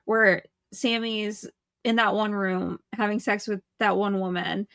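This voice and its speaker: A woman's voice: medium pitch, little pitch movement, measured pace, vocal fry, fairly bright tone, clear, resonant tone, no room sound, clean studio sound. A woman co-hosting a podcast, chatting casually and enthusiastically about a horror movie, swearing and saying "like" often. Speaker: podcast co-host.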